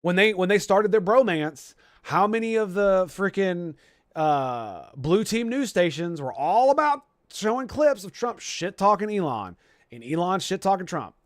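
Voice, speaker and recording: A man's voice: high-pitched, big pitch swings, a little slow, no room sound, clean studio sound. A young man talking in casual commentary as a streamer host, rambling with lots of swearing and restarts. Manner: rambling, profane, many restarts.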